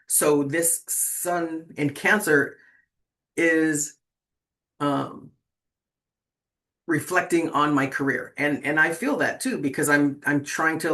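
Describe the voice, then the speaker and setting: A sixty-something tarot host chatting casually to viewers at a middling pitch. The talk rambles, with lots of fillers and restarts. The host keeps checking in with a quick "right?". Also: bright, forceful tone. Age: 60s.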